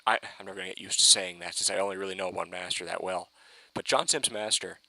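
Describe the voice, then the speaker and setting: Excitable man, swearing, bright tense tone, dry close sound. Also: sits low, fast, creaky, no echo, poor audio. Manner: excitable, rambling, swears, frequent restarts. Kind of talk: casual fan review rant.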